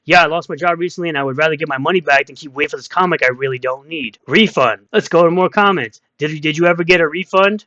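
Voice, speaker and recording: A man's voice: fairly high pitch, fast talker, few pauses, sharp tone, dry recording, highs cut off. A man giving ranting online commentary in a combative, mocking way, repeating insults as he reads out comments.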